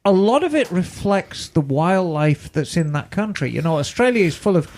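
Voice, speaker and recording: A woman's voice: lowish voice, sing-song, normal speed, a little mellow. A woman co-hosting a podcast, playful and giggly in casual chat. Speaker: podcast co-host.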